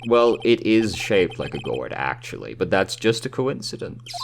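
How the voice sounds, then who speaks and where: A man voicing a calm, dry young male defense lawyer in a low-key manner. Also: normal speed, gravelly, a little hiss or hum.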